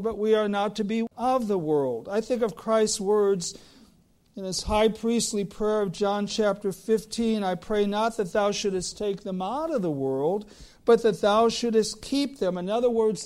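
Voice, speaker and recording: A man preaching a sermon to his congregation, with deliberate phrasing that swells into emphatic lines. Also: high-pitched, darkish tone. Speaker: pastor.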